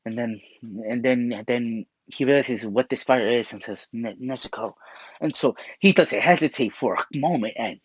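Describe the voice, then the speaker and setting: A man's voice: mid-range voice, moderate pace, breathy edge, dry recording. Guy rambling through a story, lots of restarts, muffled dry mic. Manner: rambling, full of restarts and fillers. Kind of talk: rambling casual story retelling.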